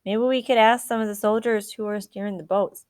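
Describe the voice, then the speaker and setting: A woman's voice: medium pitch, steady tone, brisk, clear, resonant tone, no echo, clean studio sound, voice pushed up, lightly acted. Lady reading a serious little history-nut boy, solemn, earnest.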